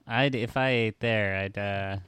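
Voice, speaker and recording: A man co-hosting a comedy podcast, making joking, deadpan asides in casual chat. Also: fairly low pitch, smooth, dry recording. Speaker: podcast co-host.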